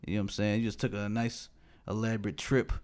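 A man's voice: fairly low pitch, flat delivery, quick pace, a little mellow, clean tone. A young man hosting a casual podcast, joking in slang and laughing often. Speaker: podcast host.

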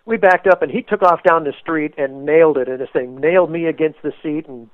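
Excitable man on a tinny phone line. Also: on the high side, fairly quick, dry recording. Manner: excitable, acts out quotes with sudden loud bursts. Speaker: interview guest, race car paint designer. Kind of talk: animated storytelling.

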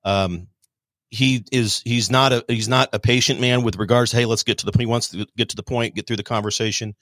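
A man's voice: medium pitch, steady tone, fairly quick, a bit bright, no echo. A man speaking as a guest author on a political talk show, emphatic and rambling with frequent restarts.

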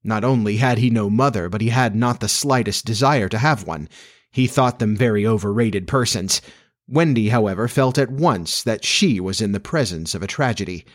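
A man narrating a children's classic as an audiobook in a measured, expressive storytelling manner. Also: fairly low pitch.

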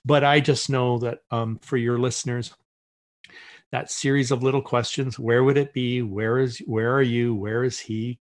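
A man's voice: mid-range voice, flat delivery, moderate pace. A middle-aged man as a podcast guest, telling a story in casual conversation and acting out the voices he quotes, with many restarts.

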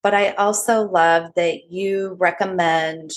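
A woman's voice: lowish voice, steady tone, slow. A woman hosting a casual podcast conversation, friendly and agreeable as she talks things through.

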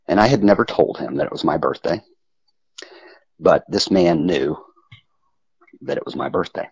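Deep, raspy male guest, halting storyteller, dry close muffled recording. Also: dry recording. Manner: halting, with frequent restarts and pauses. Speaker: interview guest telling his story. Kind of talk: personal storytelling. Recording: muffled lo-fi audio.

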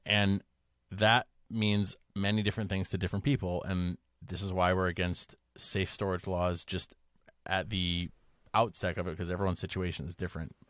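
A man's voice: sits low, level tone, moderate pace, fairly bright tone, no echo, studio quality. A man hosting a podcast, talking casually in a rambling way with restarts and lots of "like". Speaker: podcast host. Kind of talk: casual discussion.

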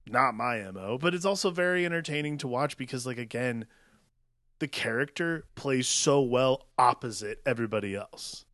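A man's voice: mid-range voice, animated, moderate pace, fairly bright tone, no echo, clean studio sound. Rambling man chatting about a film. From small-town America. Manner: rambling, filler-heavy with "like". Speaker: podcast co-host. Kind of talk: casual film discussion.

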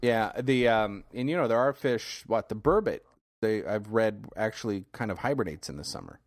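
A man co-hosting a podcast in easygoing casual chat, hesitant and quick to laugh. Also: lowish voice, lively intonation, no room sound. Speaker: podcast co-host.

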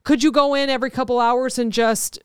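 A woman's voice: sits high, fairly even intonation, fairly quick, smooth, no room sound, clean studio sound. A woman with a Midwestern accent co-hosting a podcast, chatting casually in a rambling, self-deprecating way. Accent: Midwestern American. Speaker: podcast co-host. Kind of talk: casual chat.

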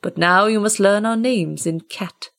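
A woman voicing a proud old male great cat who speaks in a slow, grave, commanding way. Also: medium pitch, vocal fry, fairly bright tone. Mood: regal.

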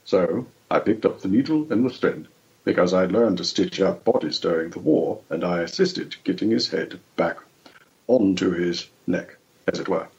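A man putting on the voice of a sinister aristocratic old villain in a slow, measured, deep delivery. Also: animated, vocal fry, darkish tone. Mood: grave, menacing. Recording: dull lo-fi podcast audio.

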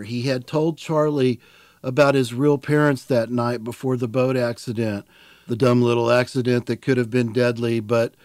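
A man narrating an audiobook in a plain, measured storytelling manner. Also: medium pitch, dry recording. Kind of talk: scripted narration.

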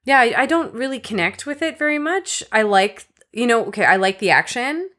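A woman's voice: fairly high pitch, expressive, brisk, fairly bright tone. A woman co-hosting a casual film chat, frank and wry in her opinions. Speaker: podcast co-host. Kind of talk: casual movie discussion.

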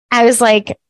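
A woman hosting a casual spiritual teaching talk, chatty and lively, laughing at herself and often checking in with "right?". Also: fairly high pitch, no echo.

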